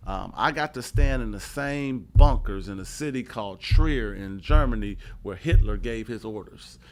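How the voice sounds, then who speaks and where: Low-voiced middle-aged man telling stories. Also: normal speed. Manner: laid-back, loose and conversational, with lots of "man" and "you know what I mean". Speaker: guest, former pro basketball player turned coach. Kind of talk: casual storytelling interview.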